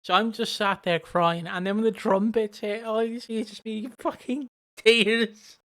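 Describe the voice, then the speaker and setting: Smooth-voiced rambling podcaster. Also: mid-range voice, fairly even intonation, moderate pace, a bit bright. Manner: rambling storyteller, swears freely. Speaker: podcast co-host. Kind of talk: casual chat.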